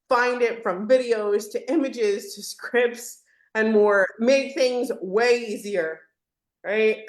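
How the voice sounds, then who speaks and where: A woman hosting a live software demo webinar in a casual, joking way, laughing often and acting out what team members say. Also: fairly high pitch, reverberant.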